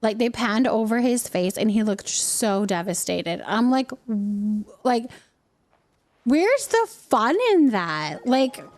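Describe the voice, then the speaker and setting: A woman's voice: fairly high pitch, very animated, slow pace, a little mellow. A woman in her thirties, a mother, chatting casually with her viewers on a live stream while she plays a game, laughing often. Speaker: livestreamer and mother.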